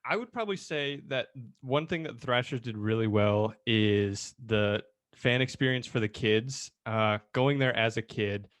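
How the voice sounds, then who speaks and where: A young man telling stories on a podcast in a relaxed, casual way with some fillers. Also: medium pitch, a little slow, no room sound. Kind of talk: casual chat.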